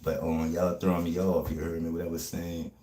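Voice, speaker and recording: A man, talking fast and streetwise in a casual livestream chat, often asking "you heard me". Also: sits low, flat delivery, warm tone, reverberant, slight background noise.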